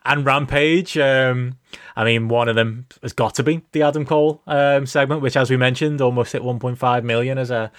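A man with an average-pitched voice co-hosting a podcast and steering the conversation from topic to topic. He talks casually with frequent "uh" fillers, recorded dry and close. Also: steady tone, moderate pace, a bit bright, dry recording. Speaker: podcast co-host. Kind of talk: casual chat.

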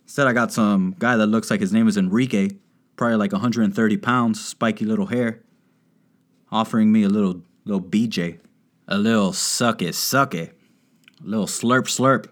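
A man's voice: fairly low pitch, fairly even intonation, moderate pace. A man doing a crude, rambling stand-up comedy monologue, riffing and slipping into put-on voices. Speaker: stand-up comic. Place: Miami.

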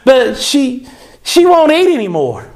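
A man's voice: very high-pitched, sing-song, unhurried, a little mellow, pitched above the performer's own voice, heavily acted. A man voicing a strange, sweet little girl in a wide-eyed, sing-song storytelling manner. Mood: naive.

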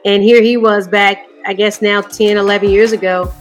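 A woman's voice: medium pitch, level tone, normal speed, soft background music. A woman college coach, a guest on a sports podcast, telling stories in an easygoing way. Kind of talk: podcast interview.

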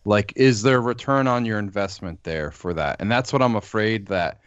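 Smooth-voiced man reasoning aloud. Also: lowish voice, dry recording, muffled recording. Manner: measured, reasons aloud with hesitant restarts. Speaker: podcast co-host. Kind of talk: casual chat.

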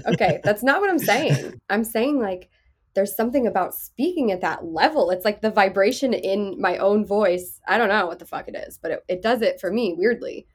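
A woman in her thirties hosts a casual podcast chat in a soft, soothing voice. She speaks frankly, swears freely and laughs often, at a medium pitch. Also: animated, normal speed, slightly rough. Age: 30s. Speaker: podcast host.

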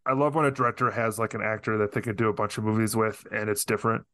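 A man with a smooth, resonant voice talks as a podcast guest in a dry, close-sounding recording. He speaks thoughtfully and hesitantly, working his ideas out as he goes. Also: lowish voice, little pitch movement, fast, a bit bright, no room sound. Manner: thoughtful, hesitant with many restarts. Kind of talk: casual film discussion.

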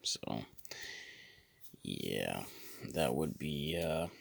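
A man in his thirties hosting a podcast, rambling through a deadpan comic monologue with lots of stammered repeats. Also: a bass voice, drawn-out words, creaky, breathy edge, no room sound. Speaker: podcast host. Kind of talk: comedic monologue.

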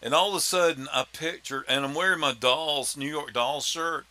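A man's voice: on the high side, moderate pace, pushed and bright. A man hosting a podcast, chatting casually and joking with his co-hosts. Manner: joking, rambling, sign-off style. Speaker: podcast host. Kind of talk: casual chat.

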